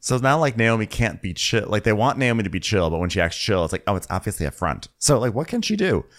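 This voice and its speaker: A man's voice: fairly low pitch, sing-song, quick pace. A man co-hosting a podcast, chatting casually as he recaps a reality show and mimics the people in it. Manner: chatty storyteller, quotes people in a mocking voice. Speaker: podcast co-host.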